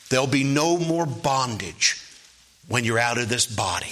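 A man preaching a sermon, moving from quiet asides to loud, rising preaching and asking "Amen?". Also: mid-range voice, measured pace.

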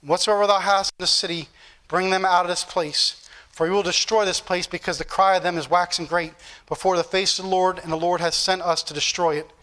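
A man preaching in church with a high, bright, cutting voice. He drives his points home with repetition and rising fervor, reading scripture and then pressing it on his listeners. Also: fairly even intonation, a little fast. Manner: fervent, repetitive, building intensity. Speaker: pastor. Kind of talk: sermon.

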